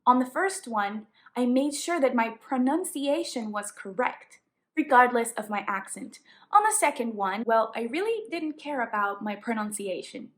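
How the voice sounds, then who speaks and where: A woman from Colombia with a Colombian Spanish accent, a native Spanish speaker, explaining English tips as a teacher in a clear, explanatory way. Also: on the high side, lively intonation, moderate pace. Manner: clear, explanatory, emphatic on examples. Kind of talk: tips lesson to camera.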